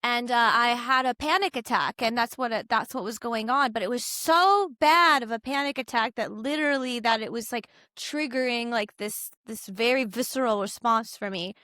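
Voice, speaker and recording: A young woman talks through a personal story in an interview, bright and crisp, her voice sitting a touch higher than most. She rambles in a casual, chatty way, slipping into quoted voices of the people around her. The sound is dry and close, with no room around it. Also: normal speed, few pauses, no echo. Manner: chatty, heavy use of "like" and "you know", animated quoting of others. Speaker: podcast guest.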